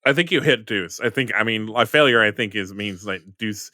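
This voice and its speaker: Game master, male, low and bright, loose and rambling narration. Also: fairly quick, dry recording, studio quality. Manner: rambling with fillers and laughs.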